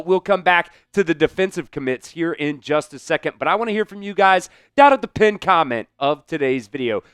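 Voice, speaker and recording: A man's voice: on the high side, clean tone, dry recording, studio quality. A man hosting a sports recruiting show, talking energetically and speaking straight to his viewers. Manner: energetic, addresses viewers directly. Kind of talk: casual sports talk show.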